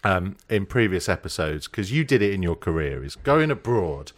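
A male podcast host with a fairly low voice. He talks in a relaxed, chatty way and tells stories with a teasing edge. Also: normal speed. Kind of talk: casual chat.

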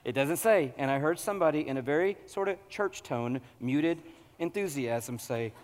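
Animated preaching man in a big hall. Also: fairly high pitch, normal speed. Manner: animated, humorous, builds to loud excited preaching. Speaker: pastor. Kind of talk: sermon.

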